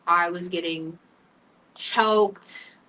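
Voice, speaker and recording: A young woman hosting a talk show, telling her own story candidly and emotionally, halting often with fillers. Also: lowish voice, fairly even intonation, sharp tone, recorded from a distance, low-quality recording. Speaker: podcast host. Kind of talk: personal storytelling.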